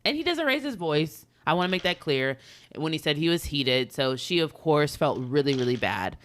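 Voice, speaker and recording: A woman's voice: low voice, very animated, moderate pace, slight background noise. A woman co-hosting a podcast, chatting casually as she retells a story with many ums and acts out quotes. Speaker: podcast co-host.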